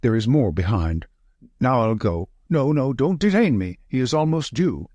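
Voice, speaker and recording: A man's voice: medium pitch, sing-song, normal speed, mellow, dry recording. A man voicing a nervous, frightened male estate manager who talks in urgent, breathless short sentences.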